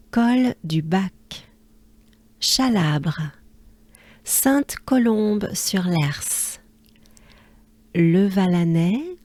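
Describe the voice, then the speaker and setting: A French woman teaching pronunciation, breaking words into sounds and repeating them slowly and patiently. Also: medium pitch, darkish tone, dry recording. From France. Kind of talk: slow pronunciation lesson.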